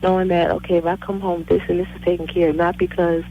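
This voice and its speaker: A woman's voice: fairly low pitch, little pitch movement, quick pace, slight background noise. Hesitant thirtysomething woman caller on a phone. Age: 30s. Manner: hesitant, rambling, many fillers. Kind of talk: phone call to a radio show. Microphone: cell phone. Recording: muffled phone line.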